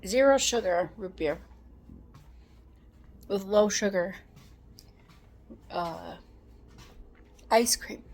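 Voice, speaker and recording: A woman vlogger talks through a movie's plot in a loose, rambling way. She fills the gaps with ums and likes and jumps into little acted-out quotes. Her pitch is ordinary, neither high nor low. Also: animated, drawn-out words, pauses often, a little mellow. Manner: rambling, many fillers and restarts, acts out quotes. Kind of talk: casual chat recapping a film.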